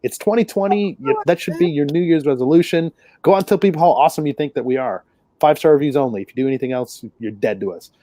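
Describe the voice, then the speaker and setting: A man's voice: fairly high pitch, fast talker, dark tone, dry recording. A man hosting a casual podcast, easygoing as he wraps up the episode with plugs and jokes. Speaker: podcast host.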